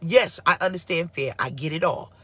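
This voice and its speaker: A woman pastor giving a casual live-streamed sermon, sassy and animated as she answers her online viewers. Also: fairly low pitch, normal speed, husky, no echo. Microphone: phone or computer mic for live stream.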